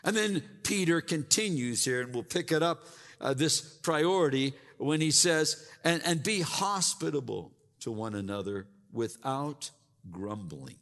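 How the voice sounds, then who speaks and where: Gravelly preacher in a reverberant hall. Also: male voice, fairly high pitch, animated, a little slow, a bit bright. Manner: repeats words, mimics grumbling churchgoers. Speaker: pastor. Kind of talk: sermon.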